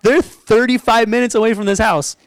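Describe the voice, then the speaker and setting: Young man, youth-style preacher, animated and talky, bright high voice, dry close sound. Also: brisk, clean tone, no echo, low-quality recording. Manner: animated, chatty storytelling with frequent "like" and laughter. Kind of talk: sermon with personal storytelling.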